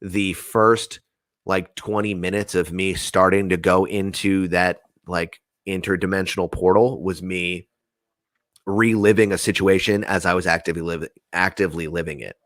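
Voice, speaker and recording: A young man from New Jersey with a deep, low voice tells a rambling story in casual chat. He acts out the other people's lines, swears freely and keeps the pace lively. The sound is close and dry, with no room around it. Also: moderate pace, dry recording.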